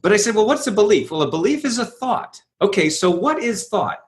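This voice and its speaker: A man's voice: high voice, very animated, brisk. A man being interviewed as a guest speaker, telling his story energetically, acting out quoted voices and often asking "right?".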